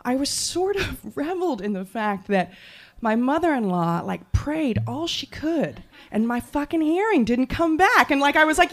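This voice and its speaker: A woman from the Jersey Shore telling a personal story live on stage, animated and self-mocking, laughing as she goes. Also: sits high, moderate pace. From Jersey Shore, USA.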